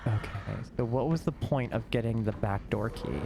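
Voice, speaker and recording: A man's voice: medium pitch, normal speed, over music. A man streaming live, talking through a game with wry, dry asides to his chat. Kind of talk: live gameplay commentary.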